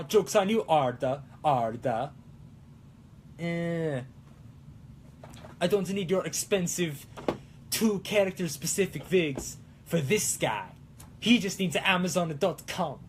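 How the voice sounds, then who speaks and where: A man's voice: high-pitched, a little hiss or hum. A young man hosting a casual cosplay livestream, rambling goofily through viewer comments in a hammy put-on Italian accent. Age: young adult. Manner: goofy, rambling, self-mocking. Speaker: cosplay show host.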